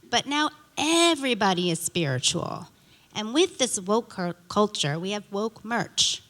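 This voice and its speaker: A middle-aged woman works through a stand-up set on a theater stage, her voice at an ordinary mid pitch. She tells her stories with animated delivery and acts out indignant dialogue. The sound carries a long reverb from the hall. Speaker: stand-up comedian.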